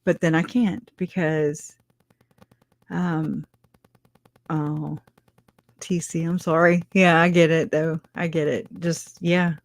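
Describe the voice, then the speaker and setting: A woman's voice: deep voice, level tone, slow pace, long pauses. A middle-aged woman hosting a casual livestream, answering viewers in chat, chatty, with frequent laughs and restarts. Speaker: livestream host reading chat.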